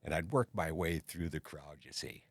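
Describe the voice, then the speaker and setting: A man's voice: very deep voice, moderate pace, no echo, clean studio sound. Older man rambling through a story. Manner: rambling anecdotal with frequent "you see" fillers. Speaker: host. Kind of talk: casual storytelling monologue.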